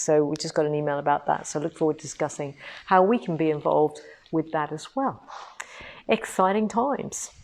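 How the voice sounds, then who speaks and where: A woman's voice: low-pitched, a little mellow. A woman hosting a casual live stream from an indoor showroom, chatty and bubbly, laughing often. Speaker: host.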